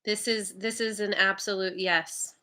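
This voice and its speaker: Woman, live tarot host, slow delivery, bright tone, giggly and encouraging, trips over names. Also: medium pitch, fairly even intonation. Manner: laughs often, warm and encouraging to viewers; stumbles over viewer names. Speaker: tarot reader hosting a live stream. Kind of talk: casual live-stream chat.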